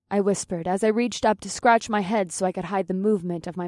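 A woman's voice: medium pitch, fairly even intonation, fast, darkish tone, no echo, studio quality. A woman reading an audiobook in the first person. She is plain-spoken and swears casually. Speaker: audiobook narrator.

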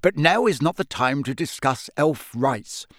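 A man voicing a kindly middle-aged father who speaks quietly but briskly and tensely. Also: a little high, expressive, no echo, studio quality.

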